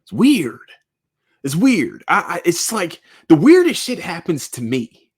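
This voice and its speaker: A man's voice: high voice, wildly swooping pitch, unhurried, breathy edge. A man hosting a solo podcast, talking in a rambling, profane, emotional way straight to his listeners from a cold room. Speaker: podcast host. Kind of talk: casual solo monologue.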